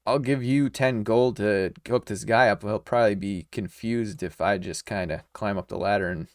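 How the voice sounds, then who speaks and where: Smooth-voiced hesitant player. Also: male voice, fairly low pitch, normal speed, dry recording, studio quality. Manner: hesitant, musing. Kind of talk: casual tabletop play.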